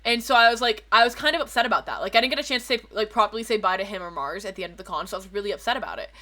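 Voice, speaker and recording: A woman's voice: medium pitch, racing, sharp tone. A woman streamer chatting casually to her viewers, telling a rambling story, swearing freely and correcting herself as she goes.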